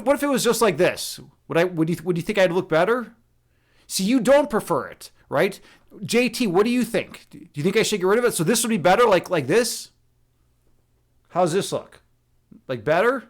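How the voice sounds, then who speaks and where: A young man hosting a casual livestream, chatting with viewers in a rambling, joking, absurdist way full of fillers and restarts. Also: sits high. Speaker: livestream host and meditation instructor.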